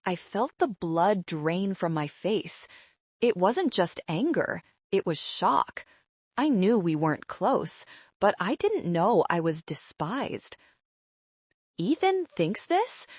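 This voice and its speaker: A woman narrating a first-person story in a measured, controlled way. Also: lowish voice, very animated, a little mellow, husky, no echo.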